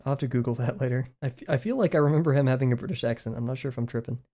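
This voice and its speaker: Young adult streamer, casual drawing-stream chatter, rambly and self-mocking, dark mellow tone. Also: mid-range voice, rapid-fire. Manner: rambling, self-deprecating, muttering to self. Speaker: livestreaming artist. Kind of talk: casual chat while drawing on a livestream.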